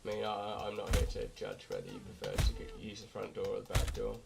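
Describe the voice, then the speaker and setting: A young man from Britain, hoarse and croaky from a night of drinking, rambling crudely through casual gameplay commentary. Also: fairly low pitch, sing-song, a little fast, over loud music. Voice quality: raspy, croaky. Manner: rambling, crude, self-mocking. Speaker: gamer. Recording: loud background noise.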